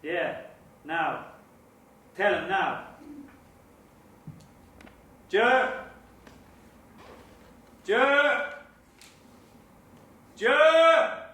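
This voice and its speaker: A man's voice: a little high, animated, moderate pace, long pauses, a bit bright. An actor playing a menacing, foul-mouthed neighborhood gangster man. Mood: demanding. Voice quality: crude and intimidating. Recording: echoey room, mic at a distance.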